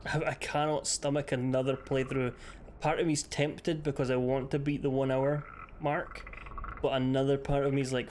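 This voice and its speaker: A man's voice: medium pitch, flat delivery, moderate pace, a little mellow, slight background noise. A man streaming a game, swearing freely and joking back and forth with his chat. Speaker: livestreamer. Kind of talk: casual gaming stream chat.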